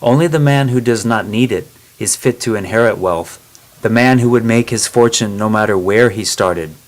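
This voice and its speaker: A man voicing a calm, firm elderly woman philosopher who speaks in a measured, lecturing way, in a storybook reading. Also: fairly low pitch, natural voice, poor audio.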